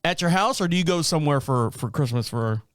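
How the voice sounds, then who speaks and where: A man in his fifties hosting a casual chat show, telling stories in an animated way, swearing and laughing often. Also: fairly high pitch, a little fast, clean tone, dry recording, clean studio sound. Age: 50s. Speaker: podcast host.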